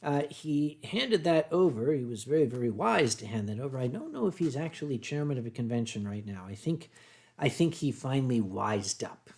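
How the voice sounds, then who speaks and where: A middle-aged man with a Philadelphia accent, chatting casually on a livestream and reading viewer comments, often clearing his throat and restarting sentences. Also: mid-range voice, very animated, normal speed, darkish tone. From United States. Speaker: streamer reading chat.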